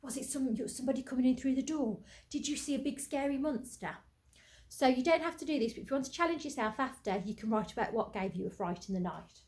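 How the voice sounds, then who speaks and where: A woman's voice: high-pitched, lively intonation, fast, darkish tone. A woman teacher, giving a phonics lesson and sounding out letters in an encouraging way. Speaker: primary school teacher. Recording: echoey room, faint background noise.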